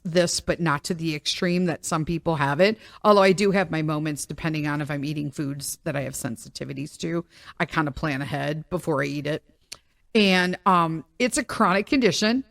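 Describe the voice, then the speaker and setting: A woman's voice: sits low, no room sound. Chatty woman podcaster, dry sound. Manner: rambling, animated, prone to tangents. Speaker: podcast host. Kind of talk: casual storytelling monologue.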